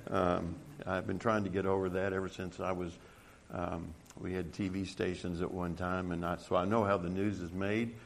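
A middle-aged pastor delivers a sermon to his congregation in a deep, flat voice with vocal fry, often stumbling and restarting and poking fun at himself. When he reads scripture he becomes loud and emphatic. A faint hiss or hum runs under the recording.

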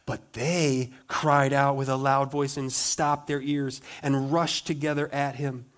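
A male pastor preaching a sermon dramatically, slowing down for emphatic stresses and dropping to soft asides. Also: mid-range voice, fairly even intonation.

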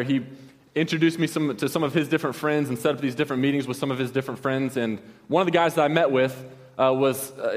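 In a large hall, a young male pastor with a medium-pitched voice preaches a storytelling sermon. His delivery is casual and rambling, loose and slangy, with many restarts.

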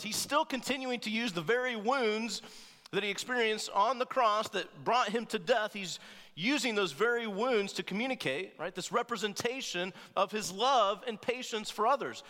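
A man preaching with a fairly high, bright, forceful voice. He keeps it conversational, tossing in quick "right?" check-ins and playful asides. His voice rings out with the long reverb of a large hall. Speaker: pastor. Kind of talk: sermon.

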